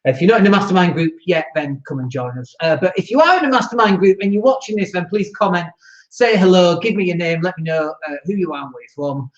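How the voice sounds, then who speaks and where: Guy hosting a livestream, chatty and rambly, slightly high voice, dull echoey sound. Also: fast talker. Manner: chatty, loose, with fillers and little laughs. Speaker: host. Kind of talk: live-streamed casual talk to viewers.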